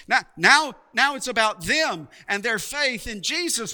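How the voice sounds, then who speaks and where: A man preaching a sermon, slow and emphatic, with dramatic pauses and repeated words. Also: high voice, expressive, bright, forceful tone.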